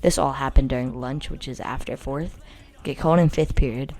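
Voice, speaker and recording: Low-voiced teen girl doing story time, rambly, says like a ton, kinda cocky. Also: fairly quick, a little mellow. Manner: rambling, filler-heavy with constant "like"; blunt, boastful. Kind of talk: casual storytelling.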